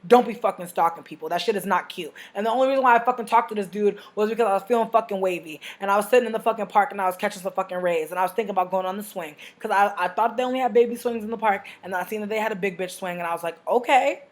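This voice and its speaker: A young woman telling a story to camera as a vlogger, brash and profane, with big animated swings in her delivery. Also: medium pitch, very fast, hardly any pauses. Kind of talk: casual storytime rant.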